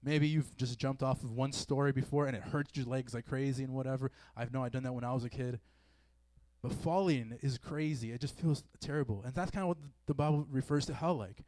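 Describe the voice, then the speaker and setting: With a mid-range, slightly mellow voice and no echo, a youth preacher speaks a little fast in a meeting room before a live audience. His sermon is easygoing and conversational, laced with fillers, and he dramatizes the feelings he quotes.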